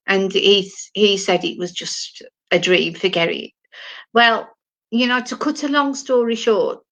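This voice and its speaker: A British woman in her sixties, a spiritual medium, telling her personal story slowly and emotionally, often repeating words. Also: medium pitch, pushed and bright, highs cut off. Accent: British English. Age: 60s. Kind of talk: personal testimony talk.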